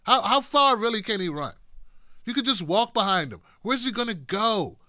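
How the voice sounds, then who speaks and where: A man's voice: high-pitched, animated, moderate pace, pushed and bright, no echo, clean studio sound. A man giving sarcastic, joking commentary on political clips, sometimes acting out other voices. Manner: sarcastic, jokey, acts out voices.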